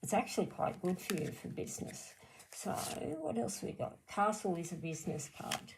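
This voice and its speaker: A middle-aged Australian woman reads cards live for her viewers, chatty and blunt. Her voice sits low and gravelly, with a faint hiss behind it. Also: moderate pace. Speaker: card reader. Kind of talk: live-stream reading.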